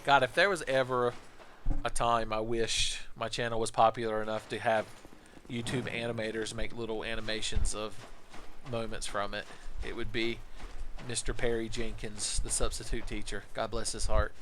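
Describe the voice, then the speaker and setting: A man's voice: on the low side, little pitch movement, moderate pace, fairly bright tone, a little hiss or hum. A man streaming a game live, rambling, joking and swearing casually.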